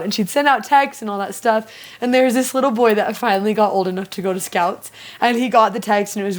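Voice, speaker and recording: A young woman talks through scripture in a relaxed, conversational way, full of "like" fillers and lively storytelling. Her voice sits a bit high for a woman, and she sounds like a co-host chatting on a faith-study show. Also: a little fast. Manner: animated storyteller, frequent "like" fillers. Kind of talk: casual scripture discussion.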